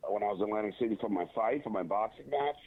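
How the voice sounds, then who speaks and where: A man's voice: lowish voice, breathy edge, dry recording. Opinionated man on a tinny phone line. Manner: halting, many restarts and fillers. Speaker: guest. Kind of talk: casual interview over a phone line.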